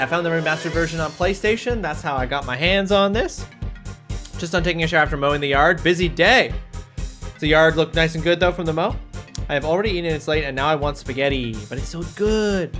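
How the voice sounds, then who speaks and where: Excitable streamer man over game music. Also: on the high side. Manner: excitable, swears freely, chats with viewers. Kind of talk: live gameplay commentary.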